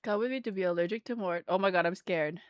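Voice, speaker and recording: A woman's voice: on the low side, fast, dry recording, clean studio sound. A young woman streamer chatting casually with her audience, rambling with lots of "like". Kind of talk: casual live-stream chat.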